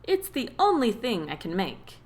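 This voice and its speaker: A woman voicing an excitable young woman in an audiobook reading. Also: fairly high pitch, normal speed. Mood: eager. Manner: breathless, laughing.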